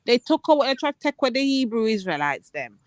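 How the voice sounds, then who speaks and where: A woman with a Jamaican accent co-hosting a casual chat, animated and slipping into patois. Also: fairly high pitch, fast, no room sound, clean studio sound. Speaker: co-host.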